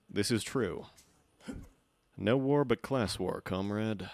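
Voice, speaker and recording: A man's voice: fairly low pitch, slow pace, creaky, pauses often, a little mellow, no room sound. Sarcastic man streaming a game. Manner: sarcastic, joking. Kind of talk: casual gameplay commentary.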